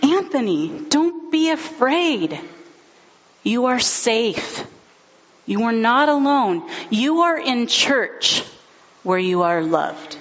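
A small, gentle woman pleads softly and tenderly with a frightened man, put on by a woman telling the story. The words come slowly and soothingly. The recording is dull and lo-fi. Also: fairly high pitch, very animated, long reverb tail, voice pushed up, exaggerated voice.

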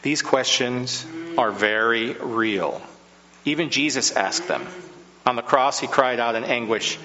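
Male preacher giving a sermon, measured delivery with dramatic pauses, long reverb. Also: medium pitch, lively intonation, pushed and bright, muffled recording.

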